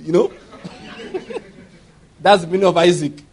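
A man with a high voice preaching a sermon. He tells stories animatedly, acting out laughter and voices. He speaks emphatically, putting questions straight to the listeners. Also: sing-song, slow pace, darkish tone. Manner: emphatic, addresses congregation directly.

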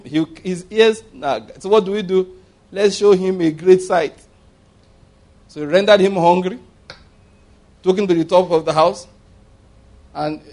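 Delivering a sermon in a high voice, this preacher is lively and humorous, often restarting his sentences and acting out the people he quotes.

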